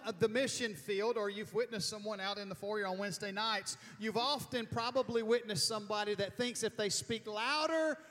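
High-voiced man preaching in a hall. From Alabama. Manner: emphatic, mimics loud slow talking for effect. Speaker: pastor. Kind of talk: sermon. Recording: reverberant church hall.

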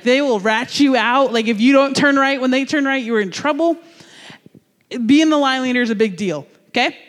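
A man from New Jersey giving a sermon as a youth pastor, telling a story in an animated, jokey, conversational way. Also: extremely high pitch, long reverb tail.

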